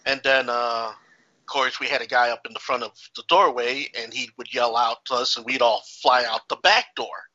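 A man's voice: medium pitch, fairly even intonation, normal speed, bright, forceful tone. An older man co-hosting a podcast, telling a rambling story in casual chat with lots of "okay"s and "uh"s. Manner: rambling, with filler okays and uhs. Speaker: podcast co-host. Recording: dull lo-fi recording.

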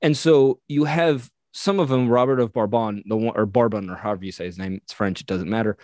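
A man casually retelling a medieval legend on a podcast, animated and acting out the characters he quotes. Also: lowish voice, a little fast, no room sound. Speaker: podcast co-host. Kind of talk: casual storytelling chat.

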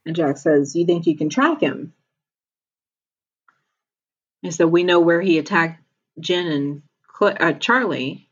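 A woman's voice: lowish voice, moderate pace, slightly rough, dull audio. A woman casually retelling a TV episode as a podcast co-host, laughing often as she talks.

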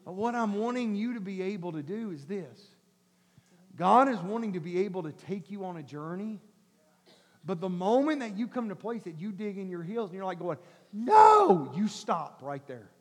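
A man pastor preaching an animated sermon, swinging between shouts and soft coaxing as he acts out voices. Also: high voice, normal speed. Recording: long hall reverb.

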